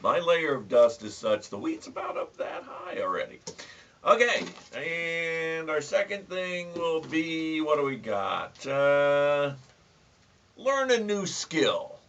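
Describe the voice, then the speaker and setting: A man hosts a casual home video, offering folksy tips and telling a joke with dry humor and stammered restarts. His voice is a little high and sing-song, slow and fairly bright. The lo-fi sound is distant and dull, with slight background noise.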